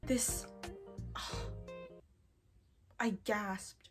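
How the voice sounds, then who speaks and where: A young woman chatting casually while browsing online, expressive and given to excited outbursts. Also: on the high side, extremely slow, faint music behind. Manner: chatty, expressive, swings to loud excited squeals. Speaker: youtuber. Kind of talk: casual screen-recorded shopping commentary.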